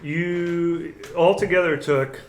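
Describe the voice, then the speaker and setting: Male game master, unhurried narration, roomy sound. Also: on the high side, fairly even intonation. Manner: unhurried, counts damage aloud. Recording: roomy recording.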